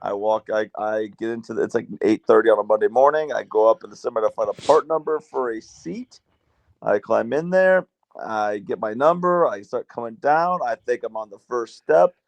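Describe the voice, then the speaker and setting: A man in his thirties, co-hosting a sports podcast, telling stories in a casual, animated way and jumping up in pitch as he acts out scenes. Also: moderate pace, creaky, dry recording. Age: 30s. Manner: animated storyteller, voice jumps up when acting out scenes. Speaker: podcast co-host. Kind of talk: casual chat.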